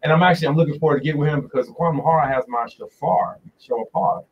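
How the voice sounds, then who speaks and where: A man leads a laid-back religious teaching over a livestream. He chats loosely and drags out repeated words, with a voice pitched a little high. He sounds set back from a phone mic, dull-toned, with faint hiss underneath. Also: fast, recorded from a distance. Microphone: phone directly in front of him.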